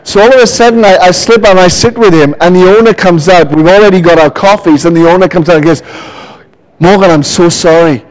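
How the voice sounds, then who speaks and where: Pastor, male, high voice, animated storytelling sermon. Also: fast, few pauses, rough recording. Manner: lively, animated preaching with storytelling.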